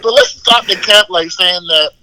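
A man's voice: sits high, huge pitch swings, moderate pace, creaky, bright, forceful tone, poor audio. A man co-hosting a casual podcast chat, blunt and profane, laughing often. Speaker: podcast co-host.

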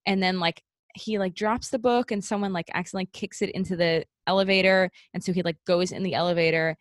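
A woman's voice: fairly low pitch, steady tone, a little fast, no room sound, clean studio sound. A young woman co-hosting a podcast, recapping a show in casual, sarcastic chat with many fillers.

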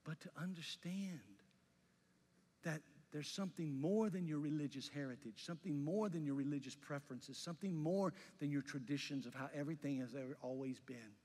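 Passionate high-voiced male pastor preaching. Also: fairly quick, long reverb tail. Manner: passionate preaching, swings from loud to soft. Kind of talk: sermon.

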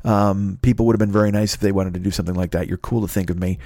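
A man's voice: deep voice, fairly even intonation, rapid-fire, mellow, no room sound, studio quality. A man from Chicago hosting a podcast from home, delivering a profane, exasperated comedic solo rant. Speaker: podcast host. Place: his home.

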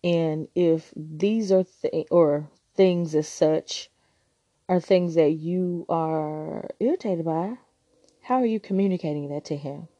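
A woman's voice: low voice, takes it slowly, dark tone, no room sound, muffled recording. A woman hosting a relationship advice podcast, talking frankly and teasingly in a casual monologue.

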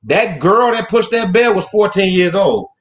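A man hosting a casual, joking chat, animated and profane, who often acts out other people's voices. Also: sits high, moderate pace. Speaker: podcast host. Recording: echoey dull lo-fi room.

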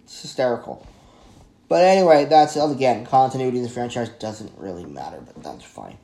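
A man reviewing a horror film in a casual, excitable, rambling way, often stumbling over his words and correcting himself. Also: medium pitch, fairly quick.

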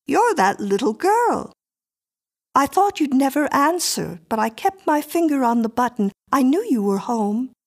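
A woman voicing an eerie, composed little girl who speaks in a prim, flat, insistent way in a storybook reading. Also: high-pitched, measured pace, pitched above the performer's own voice, full character voice. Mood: cool.

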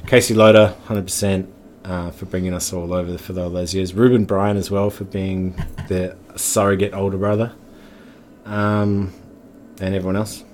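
A relaxed man with a fairly low voice, telling rambling stories in loose, casual chat. He swears freely and chuckles as he talks. Faint background noise sits under the recording. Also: normal speed. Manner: laid-back, swears often, laughs through stories. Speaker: podcast guest.

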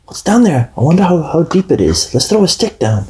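A man's voice: very animated, brisk, a little mellow, slight background noise. A man voicing an over-eager person calling to Timmy beside a well, in an improvised radio skit. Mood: excited. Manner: squeaky, over-eager, rising exclamations.

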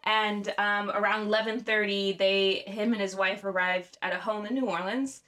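A young woman recounts a story on a casual podcast, chatty and loose. Her talk is full of "like" and "um", and she laughs easily. Her pitch sits in a middle range. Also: steady tone, normal speed, bright, forceful tone. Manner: chatty, lots of "like" and "um", laughs often. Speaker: podcast host.

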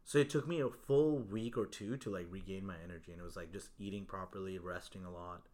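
A man's voice: low-pitched, quick pace, a little mellow. A young man telling a story in casual chat, laid-back and swearing freely, with lots of "like" and "bro".

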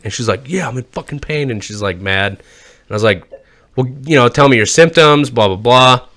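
A man co-hosting a podcast, talking in a bright, pushy tone. He tells profane stories and mimics the people in them. The chat is loose and casual. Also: mid-range voice, moderate pace. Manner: profane, storytelling, mimics others in quotes. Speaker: podcast co-host.

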